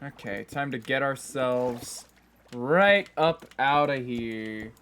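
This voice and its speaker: A man's voice: mid-range voice, slow, a bit bright, a little hiss or hum. A man streaming a game live, talking casually and joking at himself with frequent laughs, keyboard typing behind him. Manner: chatty, self-mocking, laughs often.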